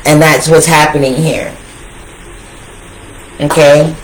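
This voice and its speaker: A woman giving a casual tarot reading, talking straight to her viewers in an animated, slangy way that repeats phrases for emphasis. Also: sits low, takes it slowly, slight background noise, rough recording. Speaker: tarot reader.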